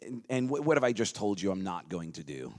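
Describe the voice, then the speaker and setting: A man giving an energetic motivational seminar talk, leading the crowd in chants and dropping into quiet asides. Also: deep voice, a little fast. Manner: energetic, leads crowd chants, swings between loud calls and quiet asides.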